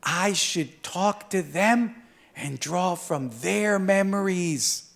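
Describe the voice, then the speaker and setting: A man voicing a worried, curious little girl in a storybook reading, speaking softly and hushed. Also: sits high, slow, gravelly, heavily acted. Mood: realizing.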